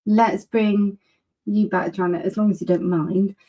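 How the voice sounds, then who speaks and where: Lady hosting a webinar, super enthusiastic, mellow dark voice. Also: medium pitch, steady tone, unhurried, dull audio. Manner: gushing, enthusiastic. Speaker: webinar host.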